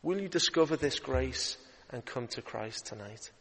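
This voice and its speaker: A man preaching an evening sermon, lively and emphatic, rising in urgency as he drives his points home. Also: mid-range voice, normal speed. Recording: long hall reverb.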